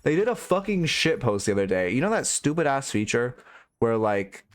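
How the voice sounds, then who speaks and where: A man's voice: mid-range voice, sing-song, moderate pace. A young man streaming and coaching a game, rambling through frank, profane critique in casual commentary.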